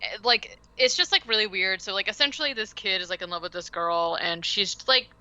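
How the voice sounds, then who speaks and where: Woman podcast host, super bright voice, rambling through a movie plot with lots of "like"s. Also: mid-range voice, a little fast, no echo, dull audio. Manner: chatty, animated retelling with lots of "like". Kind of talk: casual podcast movie recap.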